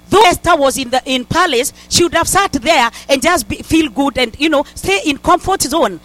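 A high-voiced woman preaching a fervent sermon. She exhorts her listeners, circles back to the same refrains, and often restarts her sentences mid-phrase. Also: a bit bright, poor audio. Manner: fervent, repeats "in the mighty name of Jesus", stumbles and restarts.

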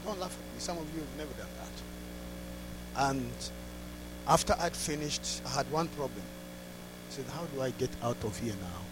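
A man preaching a sermon through a story, dropping to hushed asides and rising to loud exclamations. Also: medium pitch, animated, measured pace, long pauses, heavy background noise. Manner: laughs between lines.

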